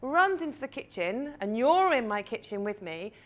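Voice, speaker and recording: Lively woman coach addressing an audience. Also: a little high, normal speed. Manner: lively, chatty, guiding listeners through an imagined scene. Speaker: confidence coach. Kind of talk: live talk to an audience.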